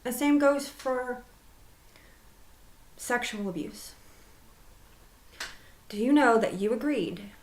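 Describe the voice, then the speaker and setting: A woman who practises Reiki, talking candidly to camera and stretching out the words she wants to stress. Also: medium pitch. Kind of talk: personal talk to camera. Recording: roomy echo.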